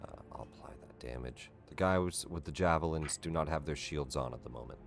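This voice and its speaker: Very deep-voiced man running the game. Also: brisk, vocal fry. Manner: relaxed, matter-of-fact rulings with fillers. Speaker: game master. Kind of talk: running a tabletop game online.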